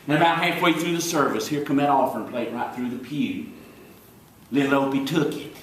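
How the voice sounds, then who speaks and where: A man playing an excitable, boastful small-town deputy with a Southern accent, rambling and fumbling for words in a live stage comedy monologue. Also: medium pitch, fairly quick, a little hiss or hum, natural voice. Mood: folksy. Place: stage before an audience. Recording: echoey hall, from far off.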